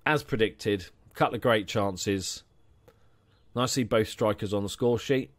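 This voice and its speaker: Chatty low-voiced man, dry mic. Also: a little slow, dry recording. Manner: chatty, jokey, gives players nicknames. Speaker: gaming channel host. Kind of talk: casual let's-play commentary.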